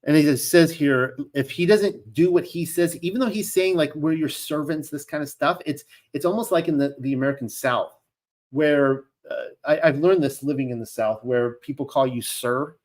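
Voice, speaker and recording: A man's voice: on the high side, a little mellow. A man teaching a scripture lesson, mixing formal readings of old text with loose, conversational commentary full of fillers and restarts. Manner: reads old-style scripture in an earnest, measured tone.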